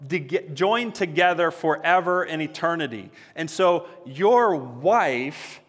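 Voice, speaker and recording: A male pastor with a somewhat high voice preaches an earnest, conversational sermon that climbs to emphatic peaks. The sound rings with the long reverb of a large hall. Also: animated, slow pace, fairly bright tone.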